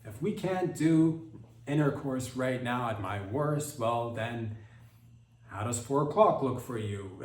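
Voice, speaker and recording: Deadpan rambling man in an echoey room. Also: mid-range voice, slow. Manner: deadpan absurd riffing with frequent restarts. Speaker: podcast host. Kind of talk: rambling comedic monologue. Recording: echoey room, distant from mic.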